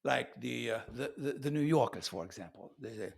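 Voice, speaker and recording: A man's voice: medium pitch, lively intonation, normal speed, vocal fry, hardly any pauses, breathy edge. An American man giving a playful, mock-serious comedic monologue as a vlogger, repeating words for effect. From United States.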